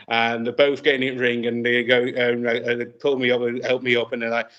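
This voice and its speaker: Man, interview guest, rambling anecdotes, frequent laughs, mid pitch, muffled lo-fi sound. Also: flat delivery, fast talker, hardly any pauses, sharp tone. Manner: rambling, many restarts, laughs often. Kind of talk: casual anecdotal storytelling.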